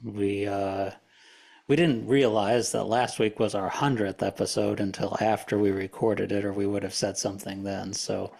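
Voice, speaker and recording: A man co-hosting a relaxed gospel discussion podcast, speaking haltingly with many pauses and restarts. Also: on the low side, vocal fry. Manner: halting, with frequent fillers and restarts. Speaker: podcast co-host. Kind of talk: casual religious discussion.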